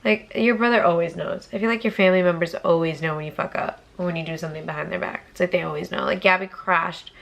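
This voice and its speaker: A woman's voice: fairly low pitch, steady tone, fast, vocal fry, few pauses, fairly bright tone. A young woman from Massachusetts telling a casual storytime vlog, chatty and profane, with whispered asides. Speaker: YouTuber.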